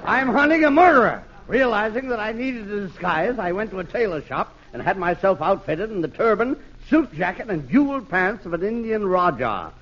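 A man's voice: high voice, big pitch swings, normal speed, few pauses, a bit bright. A man doing hammy, mock-hardboiled narration as an inspector in a 1940s radio comedy. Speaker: comic narrator playing an inspector. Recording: muffled hissy old radio recording.

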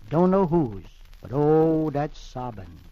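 A stern old country mammy, put on by a man reading the funnies, drawling and scolding with superstitious dread. The voice is pushed up high, and the old radio recording sounds dull and lo-fi. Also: big pitch swings, takes it slowly, no echo. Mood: fretful.

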